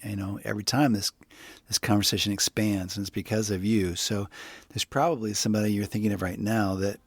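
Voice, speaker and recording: A man's voice: on the low side, steady tone, brisk, no room sound. A man co-hosting a podcast, talking through faith ideas in a reflective, casual way and often restarting his thoughts. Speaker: podcast co-host.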